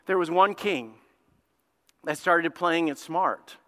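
A man preaching with emphatic energy, often turning to ask the congregation questions. His voice sits high and sounds bright and forceful. The sanctuary adds a long, rolling reverb. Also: slow, pauses often. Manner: addresses the congregation directly with questions. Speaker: pastor. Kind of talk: sermon. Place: church sanctuary. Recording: echoey church hall.

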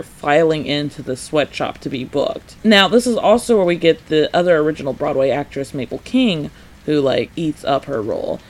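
A man with a high voice hosts a casual solo podcast, talking through a retrospective. He is chatty and animated, with plenty of "like", quick laughs and acted-out lines. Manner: chatty, says "like" often, laughs a lot; animated, acts out characters' lines. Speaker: podcast host.

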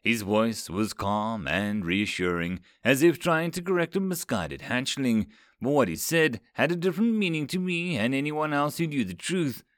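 A man reads a science-fiction story aloud with dramatic expression. His pitch rises and falls in a lively way. The sound is close and dry, with no room echo. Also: moderate pace, hardly any pauses. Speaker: narrator. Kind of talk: scripted story narration.

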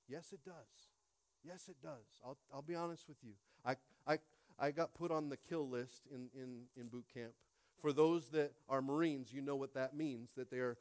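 A pastor in his late thirties preaching a sermon, emphatic, swinging from quiet to loud and repeating phrases. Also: medium pitch, normal speed, dry recording.

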